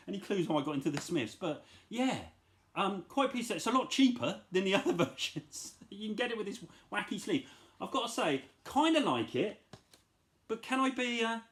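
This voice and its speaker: A middle-aged man casually chatting about his record finds, enthusiastic and rambling, with self-deprecating asides. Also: fairly high pitch. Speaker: vinyl collector vlogger. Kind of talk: casual chat.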